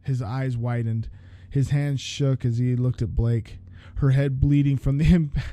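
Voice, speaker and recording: A man's voice: medium pitch, steady tone, unhurried, warm tone, dry recording. A man hosting a podcast, reading a horror story aloud, often stopping to restart lines and comment on the text. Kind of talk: story reading with casual asides.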